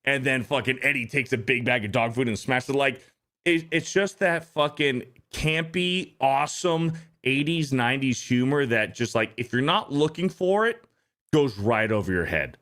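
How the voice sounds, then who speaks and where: A man's voice: mid-range voice, normal speed. A man hosting a podcast, chatting casually and retelling movie scenes with lots of swearing. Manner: animated, profane, retelling scenes with impressions. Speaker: podcast host. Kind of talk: casual chat.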